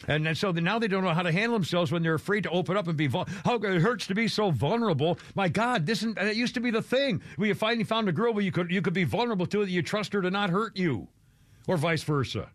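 A man's voice: high voice, animated, fast, no room sound, studio quality. An older man hosting a radio show, rambling through a self-deprecating chat with chuckling asides.

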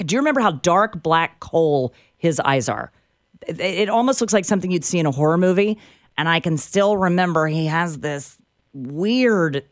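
A woman's voice: low-pitched, no room sound, clean studio sound. A woman co-hosting a talk show, arguing her point in an emphatic, incredulous way. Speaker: co-host. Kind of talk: casual talk show banter.

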